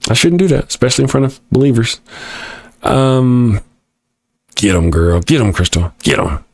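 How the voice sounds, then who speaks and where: A man's voice: mid-range voice, moderate pace, darkish tone, dry recording, studio quality. Sarcastic joking man hosting a livestream. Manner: joking, sarcastic, rambling asides. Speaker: livestream host reading chat. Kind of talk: casual livestream chat.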